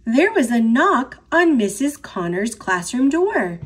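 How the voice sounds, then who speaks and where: American lady reading picture books to kids, high voice, takes it slow. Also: husky. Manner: expressive, sing-song storytelling. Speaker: storybook reader. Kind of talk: picture book read-aloud.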